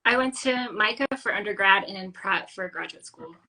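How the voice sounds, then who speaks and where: A woman from the American Midwest joins by video call as a guest. Her voice is crisp and bright. She talks modestly about herself with frequent easy laughs. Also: medium pitch, moderate pace, low-quality recording. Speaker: guest illustrator. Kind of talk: casual interview.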